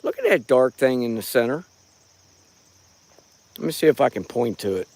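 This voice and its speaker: A man's voice: mid-range voice, animated, moderate pace, darkish tone, no echo. Rambling, folksy middle-aged man. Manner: rambling and folksy, greeting viewers by name. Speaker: live-streaming paranormal watcher. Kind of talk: casual live stream chat. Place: outdoors on a rural property at night. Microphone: handheld phone.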